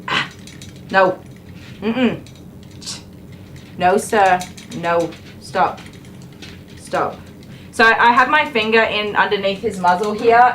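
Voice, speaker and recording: A woman's voice: medium pitch, fairly bright tone, a little hiss or hum. An Australian woman working as a dog groomer on a live stream. She jokes with viewers and soothes the dog with baby talk.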